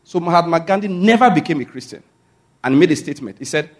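A man's voice: a little high, animated, fairly quick. A man preaching a sermon, who keeps asking his listeners whether they follow him.

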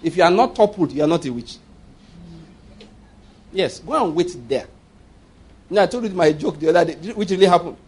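A Nigerian man preaching a sermon as a pastor, lively, with frequent laughter and mocking asides. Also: sits high, fairly quick, long pauses, husky.

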